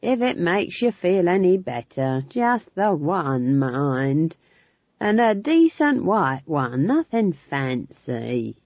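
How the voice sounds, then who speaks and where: A woman's voice: fairly low pitch, big pitch swings, slow pace, dry recording, pitched above the performer's own voice, full character voice. A woman doing a chatty, earthy old witch. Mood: homely. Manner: homely, colloquial and innocent-sounding. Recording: dull lo-fi dry recording.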